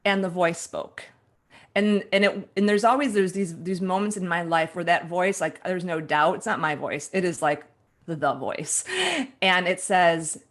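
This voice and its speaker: A woman in her forties, a guest author telling a personal story in an interview, animated and laughing as she acts out her own past thoughts. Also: on the low side, normal speed.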